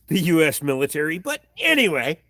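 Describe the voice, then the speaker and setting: Filmed on a tripod in his home workshop, this livestream host reads chat comments out loud and swears casually and bluntly. His fairly high voice swings widely in pitch, moves a little fast, and sounds sharp, with a dry, studio-quality recording.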